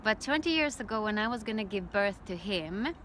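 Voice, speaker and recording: A middle-aged woman telling her own story as a birth educator, in a calm, reflective way. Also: mid-range voice, brisk, a little hiss or hum. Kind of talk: personal storytelling.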